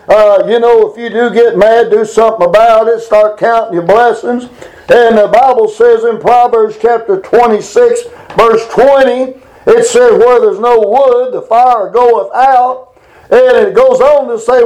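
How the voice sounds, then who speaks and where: A middle-aged man giving a casual Bible lesson, rambling through folksy stories and reading scripture slowly. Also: sits high, a little mellow, low-quality recording. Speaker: Bible teacher.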